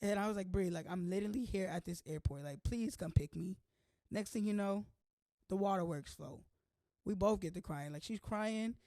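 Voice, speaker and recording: Young woman vlog host: chatty, playful, a bit hoarse, with a creaky texture and a dry, close recording. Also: mid-range voice, moderate pace, mellow, no room sound. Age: young adult. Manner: chatty, playful, says "like" constantly. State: slightly hoarse from allergies. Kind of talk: casual vlog chat.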